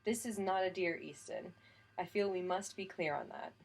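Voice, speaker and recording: A woman's voice: lowish voice, moderate pace, creaky, husky. A woman reading an audiobook voices a pale young nobleman who speaks politely and teases mildly. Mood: teasing. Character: pale young nobleman, gentle and easily amused.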